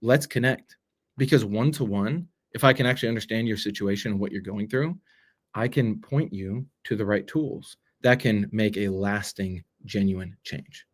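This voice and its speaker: A man's voice: lowish voice, normal speed. A man talking straight to the camera as a self-development coach, earnest and persuasive, often checking in with "right?". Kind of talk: direct-to-camera motivational talk.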